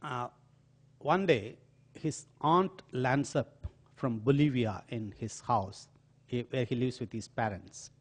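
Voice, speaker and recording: Speaking slowly in a mid-range voice, an older Indian-accented man delivers an auditorium lecture built around stories. He narrates them with animated, dramatic flair.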